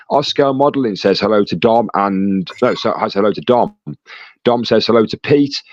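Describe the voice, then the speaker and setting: A man's voice: on the low side, no echo. Man reading out stream chat. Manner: reads chat messages aloud with quick asides and banter. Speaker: livestream host reading chat. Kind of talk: casual live chat reading. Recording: dull lo-fi dry sound.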